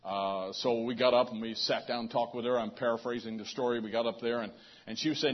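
A man's voice: medium pitch, fairly even intonation, moderate pace, slightly rough. A man preaching a sermon to a congregation in a loose, conversational way, often restarting his phrases. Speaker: pastor. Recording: dull lo-fi sound.

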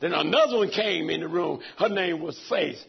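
A high-pitched, husky man preaching with raw feeling, his voice falling low and then breaking into shouts. The recording is dull and lo-fi, and he sounds middle-aged. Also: moderate pace. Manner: emotional storytelling, swings from hushed to shouting. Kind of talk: sermon.

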